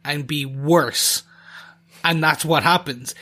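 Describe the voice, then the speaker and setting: A man co-hosting a podcast in casual chat, animated and slipping into impressions of as he talks. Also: fairly high pitch, slow. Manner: animated, mimics accents while talking. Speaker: podcast co-host.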